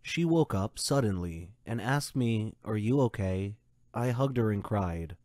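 A man with a lowish, mellow voice narrates a first-person story in a slow, measured way. The sound is dry and close, with no room around it. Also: expressive, dry recording.

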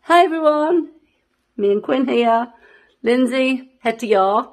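A woman's voice: sits high, lively intonation, slow. A woman with a Teesside accent showing her bathroom in a cheerful, jokey, casual home tour. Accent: Teesside English. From Teesside, England. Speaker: friend of the vlogger.

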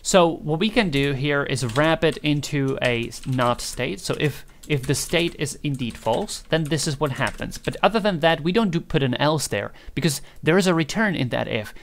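A man's voice: a little high, animated, normal speed, vocal fry, few pauses, a little hiss or hum. A man talking loosely through a tutorial, thinking aloud, joking and swearing casually. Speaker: programming tutor. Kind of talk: casual screen-recorded tutorial.

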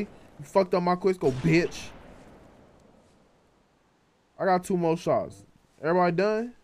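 High-voiced man hyping his own gameplay. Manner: excitable trash talk with loud repeated chants. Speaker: streamer. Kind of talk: live gameplay commentary.

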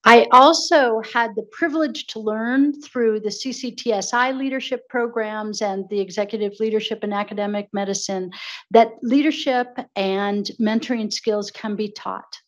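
A woman's voice: on the high side, normal speed. A woman physician scientist giving unrehearsed, heartfelt remarks as she accepts an award.

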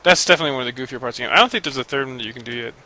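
A man's voice: mid-range voice, racing, pushed and bright. A man giving rambling, casual commentary while playing a video game, cranky and profane and often laughing. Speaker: let's play commentator.

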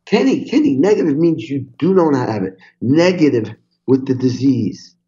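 An older man, a guest on a podcast interview, telling stories in an animated, swearing way and acting out what people said. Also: mid-range voice, moderate pace, lo-fi sound. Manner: animated, swearing, acts out quotes. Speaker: guest drummer. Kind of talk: storytelling interview.

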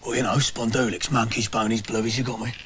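A man's voice: mid-range voice, flat delivery, fairly quick, fairly bright tone, a little hiss or hum, lightly acted. A man playing a blustering London local with a London accent, full of cockney slang.

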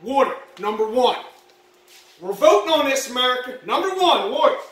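A woman playing a boastful, rambling male ex-Marine patriot dad in a comedy monologue, shouting one moment and muttering the next. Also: animated, normal speed, a little hiss or hum. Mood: blustering. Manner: boastful, rambling, shouts then drops low. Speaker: comedy vlogger. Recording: roomy echo, mic at a distance.

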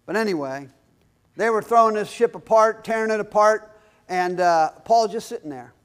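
High-voiced preaching pastor. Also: male voice, moderate pace, clear, resonant tone. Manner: emphatic preaching with call-and-response questions. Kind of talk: sermon. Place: church.

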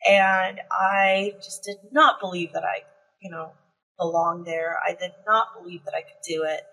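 A woman guest telling a candid, reflective story about her work, with frequent ums and soft laughs. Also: lowish voice, little pitch movement, moderate pace, poor audio. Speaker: concept artist guest.

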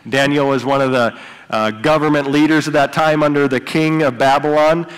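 A man's voice: a little high, steady tone, normal speed, clean tone, big-room sound. A male pastor preaching a sermon in a conversational way, retelling Bible stories with casual asides to the congregation. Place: church sanctuary.

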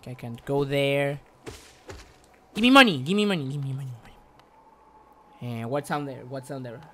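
A woman's voice: a bass voice, normal speed, a bit bright. A woman streaming a video game with live commentary, exasperated, swearing and repeating words in bursts.

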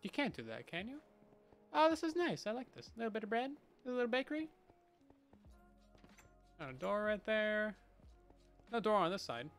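Man, game streamer, high bouncy voice, chatty and self-mocking. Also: big pitch swings, normal speed, pauses often, a bit bright, smooth, soft background music. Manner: chatty, playful, self-mocking, bursts of mock panic. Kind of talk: casual gameplay livestream chat.

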